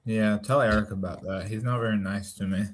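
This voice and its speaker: A man's voice: on the low side, fairly even intonation, brisk, a little hiss or hum. Man asking questions in a Bible study. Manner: questioning, thinking aloud with restarts. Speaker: study group participant. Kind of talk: casual Bible study discussion.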